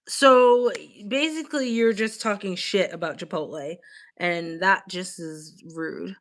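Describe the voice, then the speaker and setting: A young woman from the United States hosting a casual livestream, chatting with viewers in an animated way full of "like" fillers. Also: mid-range voice, unhurried. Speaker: livestream host. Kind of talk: casual livestream chat, reacting to viewer comments.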